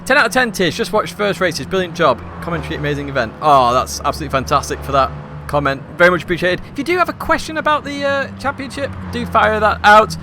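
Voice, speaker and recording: A slightly hoarse man, hosting a live esports race stream from a hot room at home and commentating in a chatty, upbeat, rambling way. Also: high voice, fast, noisy background.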